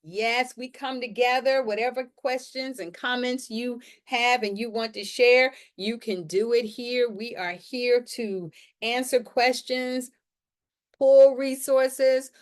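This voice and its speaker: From her home, a woman hosts a live-streamed Q&A about publishing, speaking slowly in a slightly high voice. Her casual talk is upbeat and motivational, and she often repeats her phrases.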